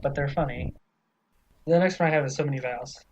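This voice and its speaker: A man's voice: medium pitch, fairly quick, highs cut off, crowd noise. A man co-hosting a casual book discussion podcast, talking loosely with some swearing and reading quoted passages aloud. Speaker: podcast co-host.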